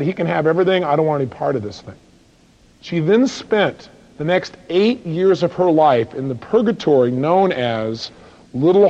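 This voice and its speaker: A man's voice: fairly high pitch, darkish tone. A man giving a live motivational seminar who acts out little dialogues and fires rhetorical questions at the audience. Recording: dull lo-fi recording.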